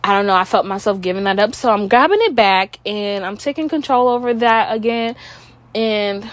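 A woman's voice: medium pitch, normal speed, dry recording. Stuffy young woman rambling on her podcast. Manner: rambling, full of "like", casual swearing. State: stuffy nose. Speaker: podcast host. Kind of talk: casual solo podcast chat.

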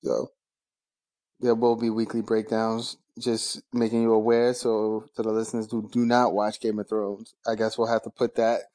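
A man's voice: lowish voice, completely flat delivery, normal speed, warm tone. A man co-hosting a podcast, chatting in a loose, laid-back way and laughing often. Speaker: podcast co-host. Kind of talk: casual chat.

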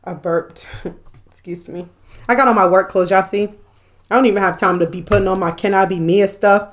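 A woman's voice: mid-range voice, fairly even intonation, moderate pace. Laughing, joking woman podcast host. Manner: joking and profane, laughs often. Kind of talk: casual chat with live viewers.

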